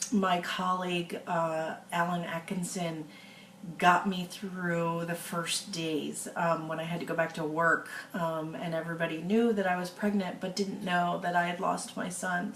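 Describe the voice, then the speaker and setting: A woman author giving a casual, tearful video update to her followers, talking slowly and haltingly with many fillers. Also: lowish voice, fairly bright tone, roomy sound, slight background noise.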